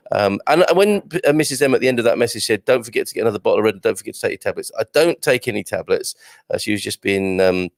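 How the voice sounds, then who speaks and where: A man's voice: on the low side, vocal fry, no room sound, studio quality. A man hosting a casual live stream from home, chatting and reading out viewer greetings in a self-deprecating way. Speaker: livestream host. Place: home with builders working on the roof.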